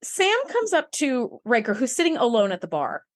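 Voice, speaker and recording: A woman with a fairly high voice co-hosting a podcast, her pitch swinging widely as she talks. She recaps a TV episode casually, dropping wry asides and jokes along the way. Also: big pitch swings, normal speed. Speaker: podcast co-host.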